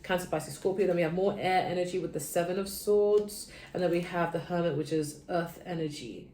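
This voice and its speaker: A woman reads tarot cards in a relaxed, chatty way, sounding tired from too little sleep. Her voice sits on the low side and drifts between quiet murmurs and sudden perky bursts. The room is echoey, with a faint background ambience. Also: a little fast, slight background noise. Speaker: tarot reader. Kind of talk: casual tarot reading.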